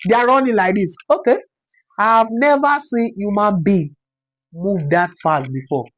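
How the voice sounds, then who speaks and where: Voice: mid-range voice, moderate pace, fairly bright tone. A young adult from Nigeria with a Yoruba-inflected Nigerian accent, telling a personal story in a casual, dramatic way and repeating phrases for effect. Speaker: storytime vlogger.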